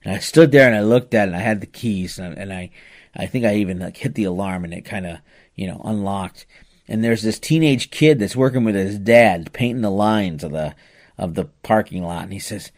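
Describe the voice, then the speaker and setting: Animated man telling a story. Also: lowish voice, normal speed. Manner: animated, with frequent "you know" asides and restarts. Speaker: podcast host telling a personal story. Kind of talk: casual spoken storytelling.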